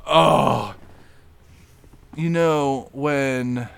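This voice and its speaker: A young man giving casual, crude reaction commentary on videos, excitable and swearing, with laughing outbursts. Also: medium pitch, drawn-out words, vocal fry, a little hiss or hum.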